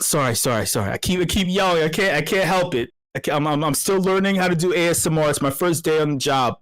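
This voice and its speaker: A man's voice: a little high, brisk, hardly any pauses, dry recording, low-quality recording. Foul-mouthed man ranting in mock ASMR. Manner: profane, swings from hushed to yelling; restless stammering repeats. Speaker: meetup host. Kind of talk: comic rant in mock ASMR.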